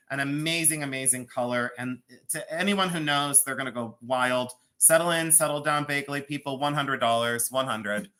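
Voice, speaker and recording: A man hosting a live jewelry sale, chatty, theatrical and quick to mock himself. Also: medium pitch, sharp tone. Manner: chatty, self-mocking, theatrical. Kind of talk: live-stream jewelry auction.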